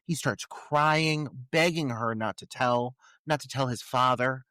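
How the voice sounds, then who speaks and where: A man's voice: mid-range voice, unhurried, bright, forceful tone, clean tone, no room sound. A man co-hosting a podcast, giving crude, joking commentary on a film. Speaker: podcast co-host. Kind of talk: casual chat recapping a film.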